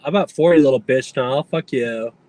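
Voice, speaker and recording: A man trash-talking and taunting with loud squealing "ooh" yelps and heavy profanity. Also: medium pitch, normal speed, background noise.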